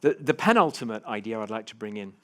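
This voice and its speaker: A man giving a motivational keynote to a live audience, telling personal stories with big swings between hushed and loud delivery. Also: lowish voice, very animated, fast talker. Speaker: keynote speaker. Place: conference stage before a live audience.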